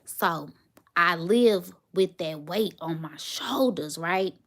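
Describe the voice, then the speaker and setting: A woman's voice: lowish voice, slow, fairly bright tone. A woman, telling a personal story to her viewers in a heartfelt, emotional way. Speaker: vlogger, single mother.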